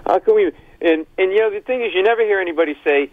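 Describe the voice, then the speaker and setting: A man's voice: high voice, quick pace, phone-quality sound. A male comedian telling rambling jokes as a guest in a casual radio phone interview. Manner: rambling, joking storyteller, frequent laughs.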